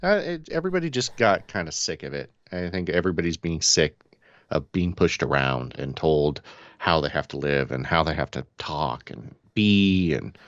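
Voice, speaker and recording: A male podcast co-host with a very low voice who talks earnestly and with emphasis. The recording is dry and a little dull, with the top end muted. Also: lively intonation, normal speed, dry recording. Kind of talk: casual political chat.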